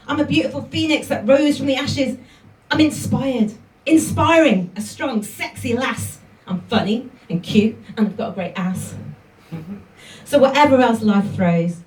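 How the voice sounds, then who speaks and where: A woman's voice: on the high side, a little mellow. A woman performing bawdy comic poetry live, with chatty asides between the rhymes. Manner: cheeky, bawdy rhyming delivery with chatty asides. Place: live venue with audience. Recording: echoey room from a distance.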